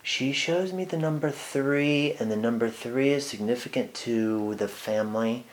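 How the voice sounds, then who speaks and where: A man working as a psychic medium in a one-on-one reading, speaking haltingly with many fillers and restarts, sometimes dropping to soft murmured asides. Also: medium pitch.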